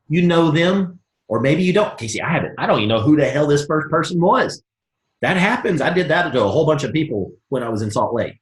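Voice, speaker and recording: A man leading a live motivational coaching call, energetic and acting out both sides of sample conversations. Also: mid-range voice, brisk, reverberant. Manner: energetic, folksy, acts out both sides of dialogues. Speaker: network marketing team leader.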